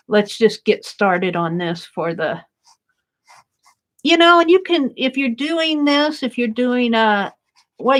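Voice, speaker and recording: A woman art vlogger chatting and gushing while she paints, laughing often and thanking viewers warmly. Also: mid-range voice.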